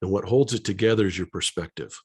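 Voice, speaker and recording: Husky-voiced man hosting a podcast. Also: sits low, quick pace, a little mellow. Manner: encouraging, affirming. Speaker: podcast host and author. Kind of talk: podcast interview.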